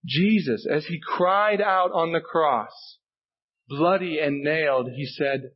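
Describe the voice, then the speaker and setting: A man's voice: fairly high pitch, slow, dull audio. A male pastor preaching a sermon, earnest and emphatic, repeating key phrases for weight. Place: church sanctuary.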